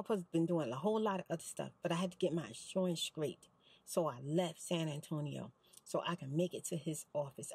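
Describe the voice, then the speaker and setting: A woman's voice: lowish voice, a little mellow, breathy edge, poor audio. A middle-aged woman, telling an emphatic, exasperated storytime vlog from inside a parked car. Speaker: vlogger.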